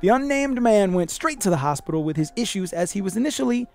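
A man's voice: high voice, fast, creaky, soft background music. A man hosting a comedy podcast, reading odd news stories aloud and riffing on them with lots of profanity and put-on voices for the people he quotes. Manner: profane, animated, puts on voices when quoting people. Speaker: podcast host.

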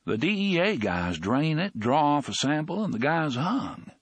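A man's voice: a little high, sing-song, normal speed, slightly rough, dry recording, studio quality, pitched above the performer's own voice, heavily acted. A man voicing a laid-back male flight navigator who explains things matter-of-factly. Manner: matter-of-fact.

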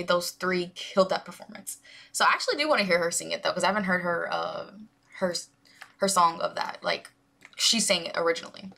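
A woman's voice: on the low side, gravelly, sharp tone. A woman hosting a music reaction video, gushing and rambling with lots of fillers. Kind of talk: casual music reaction commentary.

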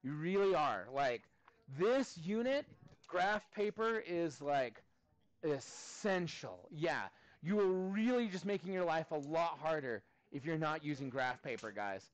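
A man's voice: a little high, lively intonation, unhurried, dry recording, poor audio. A man teaching a math class in a classroom, playful and coaxing with his students.

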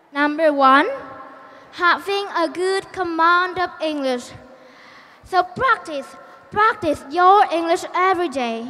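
A young woman from Vietnam with a Vietnamese accent gives a prepared contest speech. She tells a story in a measured, deliberate way and poses questions to the audience. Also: extremely high pitch, a bit bright, big-room sound.

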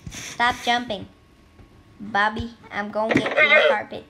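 A woman's voice: fairly high pitch, takes it slowly, long pauses. A woman giving casual, playful commentary on her own gameplay and chatting to the animals in the game. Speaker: gameplay video creator. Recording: loud background noise.

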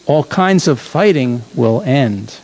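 A man voicing a gentle, cheerful father in a children's storybook, reading in a warm, reassuring manner. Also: mid-range voice, animated, slow, voice pushed down. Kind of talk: storybook read-aloud.

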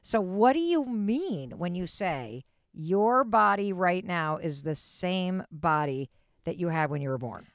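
A woman in her fifties hosting a podcast interview, telling a story in a lively way and asking pointed questions. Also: fairly low pitch, measured pace, dry recording, studio quality. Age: 50s. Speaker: podcast host. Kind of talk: conversational interview.

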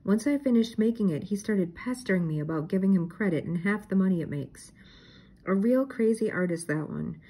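A woman's voice: mid-range voice, expressive, a little fast, dark tone, husky, poor audio. A woman reading aloud and voicing a friendly, practical male farmer. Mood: folksy. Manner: folksy, practical.

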